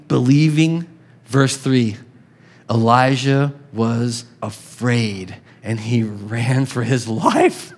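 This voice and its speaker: A man preaching a sermon as pastor, casual and conversational, with chuckles and restarts. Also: medium pitch.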